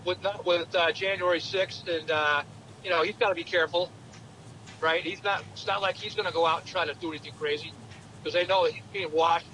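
A man with a high, sharp voice talks politics in a halting way, restarting his sentences again and again. Faint noise hums behind him. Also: low-quality recording. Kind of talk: casual political talk.

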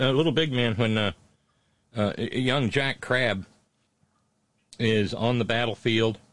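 A man's voice: fairly low pitch, no echo. Guy hosting a talk show, reads listener notes, lots of uhs and restarts, kinda sardonic, dry close sound. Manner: conversational, many filler sounds and restarts; blunt and sardonic in his comments. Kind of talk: reading listener messages and commenting.

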